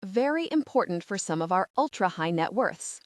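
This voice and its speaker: A woman's voice: mid-range voice, big pitch swings, moderate pace, no echo, studio quality, close to an everyday voice. A woman reading the part of a proud, jovial male property developer who talks breezily about luxury homes. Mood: boastful.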